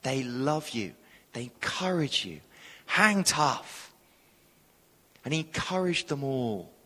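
A man preaching a sermon, telling a story with lively acted-out voices. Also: medium pitch, measured pace, slightly rough. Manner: animated storytelling, acting out quoted voices. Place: church hall. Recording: long reverb of a church hall.

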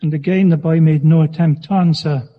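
Male minister, measured sermon with dry humor; muffled, lo-fi church recording with a long echo. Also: a little high, steady tone, husky. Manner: measured, gently humorous preaching. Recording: dull sound with long church reverb.

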